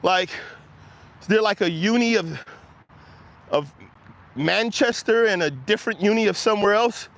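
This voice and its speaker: High-voiced man, chatty and laughing. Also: normal speed, long pauses, a bit bright. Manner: laughs often, chatty and rambling. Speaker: livestream host reading chat. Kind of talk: casual livestream chat.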